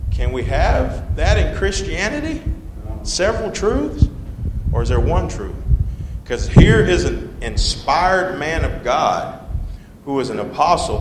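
A man leading a Bible study, talking conversationally, quizzing his listeners and repeating key words. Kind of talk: Bible study teaching with questions to the group. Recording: echoey hall with faint rumble.

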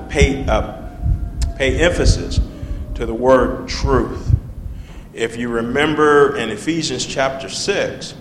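A man leading a Bible study, talking conversationally, quizzing his listeners and repeating key words. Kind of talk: Bible study teaching with questions to the group. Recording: echoey hall with faint rumble.

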